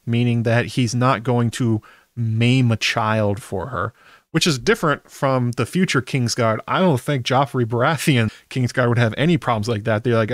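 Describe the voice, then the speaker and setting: A man's voice: mid-range voice, moderate pace, dry recording, studio quality. A man chatting wryly through a casual episode recap, dropping the odd swear word. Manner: chatty, wry, drops occasional swear words.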